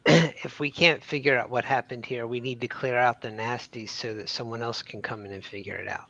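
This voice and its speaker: A man's voice: medium pitch, steady tone, moderate pace, bright, forceful tone, muffled recording. A man playing a tabletop game over a call, chatty and upbeat. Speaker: player.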